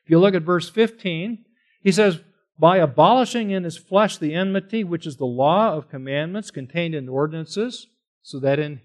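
A man's voice: on the high side, normal speed. A man preaching a sermon, reading scripture aloud and working through it verse by verse, asking questions and then answering them. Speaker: pastor.

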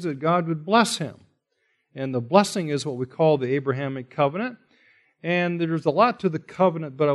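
Animated man preaching a sermon. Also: on the high side. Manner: animated, rising to emphatic when quoting God; conversational asides, rhetorical questions.

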